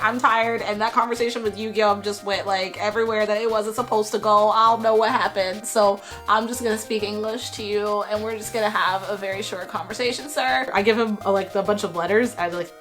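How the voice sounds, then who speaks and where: A young woman from Texas telling a casual storytime, chatty and laughing often, her voice worn from a cold. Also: medium pitch. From Texas, USA. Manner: chatty, animated retelling with frequent 'like' and laughs. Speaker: vlogger.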